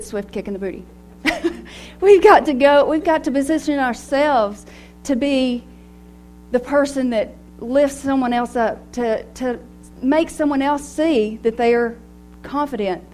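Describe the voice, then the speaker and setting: A middle-aged woman delivers a devotional talk to a room of women, personal and animated, breaking into laughter as she goes. Her voice sits high. A faint hum runs under the recording. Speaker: women's ministry speaker.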